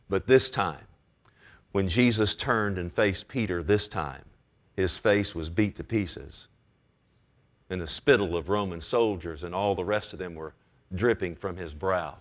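A male pastor preaching a sermon with passion, moving from hushed, low passages to loud, high exclamations.

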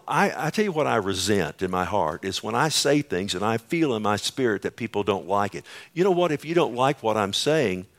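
Impassioned preacher swinging soft to loud. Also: male voice, mid-range voice. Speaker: pastor. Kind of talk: sermon. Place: church sanctuary.

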